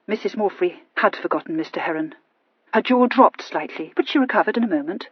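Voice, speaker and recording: A woman's voice: medium pitch, lively intonation, a little fast, slightly rough, no room sound, lo-fi sound. A woman narrating a novel expressively, voicing each of its characters. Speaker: audiobook narrator. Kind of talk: scripted narration.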